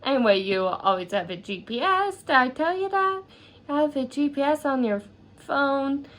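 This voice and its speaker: A woman's voice: high voice, expressive, moderate pace, fairly bright tone. A woman doing a chirpy, reassuring best friend. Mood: encouraging. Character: upbeat teen best friend, reassuring, bossy.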